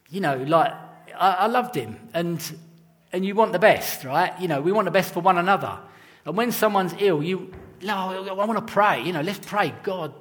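A man's voice: fairly high pitch, fairly bright tone. Earnest male preacher in a reverberant hall. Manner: earnest, conversational preaching with personal stories and chuckles. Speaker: pastor. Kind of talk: sermon.

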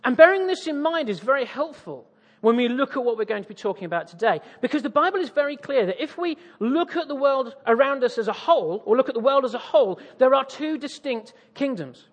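A man's voice: very high-pitched, lively intonation, a little fast, big-room sound. A man from East Anglia with an English accent, preaching a sermon with audience interaction, jovial and self-mocking. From East Anglia, England.

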